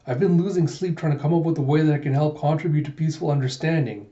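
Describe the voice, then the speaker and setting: A quick, teasing young woman calls over the monitor, as a man reads her part. The voice sits a little high and mellow, on a dull lo-fi recording. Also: close to an everyday voice. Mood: brisk. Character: sharp young woman radio operator.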